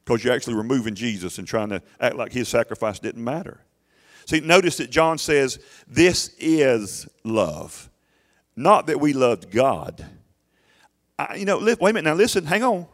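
A man preaching a sermon in church, emphatic and conversational, breaking off to talk straight to the congregation. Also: mid-range voice. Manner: emphatic, conversational preaching with repeated phrases and audience asides. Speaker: pastor. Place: church sanctuary. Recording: long hall reverb.

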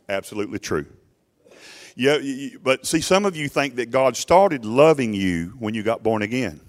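A male pastor preaching a sermon emphatically to his congregation, often urging them to listen, his voice swelling loud and falling low. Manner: emphatic preaching, rising and dropping sharply in loudness; addresses congregation directly with repeated "listen".

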